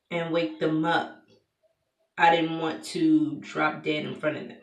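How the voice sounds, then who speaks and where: A young adult woman vlogger tells a personal story in a candid, conversational way, with plenty of fillers and restarts. Her voice is lowish and sits away from the mic in an echoey room.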